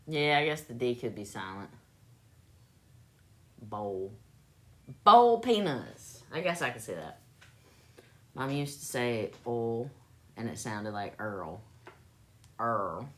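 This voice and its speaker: A woman's voice: very deep voice, animated, moderate pace, long pauses. A woman from South Carolina with a Southern accent, casually chatting with her live audience and playfully testing how she says words. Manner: laid-back, playful, repeats words to test her pronunciation. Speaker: livestream host.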